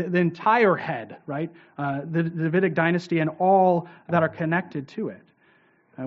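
A man teaching a lecture on scripture, reading verses aloud and explaining them with emphasis, often checking in with "right?". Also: sits high. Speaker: Bible teacher. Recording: dull lo-fi recording.

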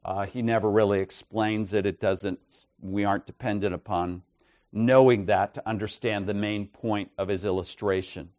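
A man preaching an expository sermon with measured, emphatic delivery, often checking in with "right?" and "okay?". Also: on the low side, steady tone, darkish tone, dry recording.

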